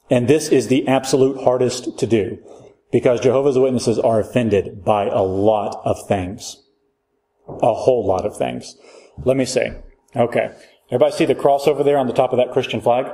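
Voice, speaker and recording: A man's voice: medium pitch, mellow. A man teaching a church Bible class in a casual, joking way, asking his listeners questions as he goes. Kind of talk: conversational Bible class lecture.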